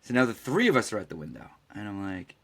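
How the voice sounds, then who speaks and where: A man's voice: lowish voice, wildly swooping pitch, fast, a bit bright, breathy edge. A man co-hosting a podcast, telling a story casually, acting out the quoted dialogue and swearing freely. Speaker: podcast co-host.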